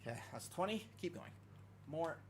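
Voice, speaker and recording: A man livestreaming a game, chatting casually and playfully with viewers while keeping his voice quiet to rest a sore throat, close to his desk microphone. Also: fairly high pitch, expressive, moderate pace, slight background noise. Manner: playful, chatty, talks to chat by name. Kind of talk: casual chat while gaming.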